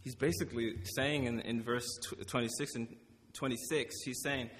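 A man's voice: medium pitch, fairly even intonation, moderate pace, fairly bright tone. A young man giving an informal sermon, reading scripture and then telling stories in a casual, rambling way that often corrects itself. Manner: casual, rambling, self-correcting, laughs between points. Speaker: preacher. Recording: long reverb of a hall.

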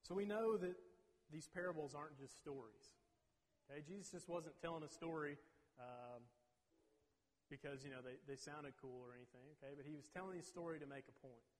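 Male Bible teacher, bit higher pitch, keeps checking "okay?", reverberant hall sound. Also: a little fast. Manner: peppers talk with "okay?" checks. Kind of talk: teaching a Bible lesson to a group. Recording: long reverb.

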